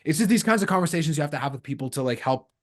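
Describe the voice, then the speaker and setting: Fast-talking man telling travel stories. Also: on the high side. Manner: lively storyteller acting out quoted dialogue. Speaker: podcast host. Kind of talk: casual chat.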